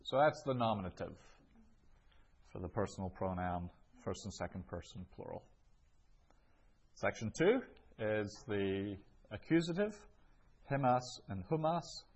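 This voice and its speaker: Guy teaching greek grammar, slow and patient, repeats stuff, kinda husky low voice, dull lo-fi sound. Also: expressive, darkish tone. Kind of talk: classroom lesson.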